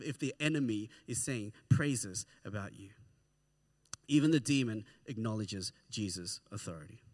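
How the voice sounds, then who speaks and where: A man preaching a sermon to a congregation in an animated way, often checking in with "right?". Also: fairly high pitch. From Australia. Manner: animated, keeps asking "right?". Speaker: pastor.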